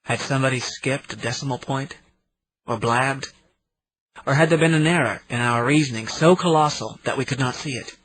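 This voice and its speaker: A man narrating an audiobook in the first person, in a steady reading manner. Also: medium pitch, moderate pace, husky, rough recording. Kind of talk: scripted narration.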